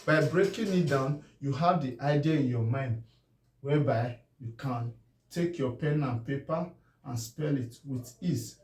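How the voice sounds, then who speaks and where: A man with a Nigerian English accent teaches spelling, sounding words out slowly and often asking whether it is clear. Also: medium pitch, a little mellow. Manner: drawn-out syllable-by-syllable pronunciation. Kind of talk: spelling lesson. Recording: echoey room from far off.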